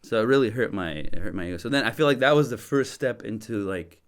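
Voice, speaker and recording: A young man from Michigan casually telling a story as a podcast guest, animated and slangy, laughing and swearing as he goes. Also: medium pitch, fast talker. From Dearborn, Michigan.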